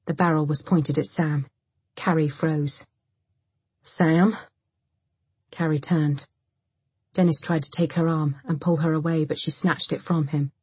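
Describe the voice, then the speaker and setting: Reading from a script, a woman narrates a dark audiobook story at an even, measured pace. Her voice is low, husky and very breathy, and the sound is close and dry without any room echo.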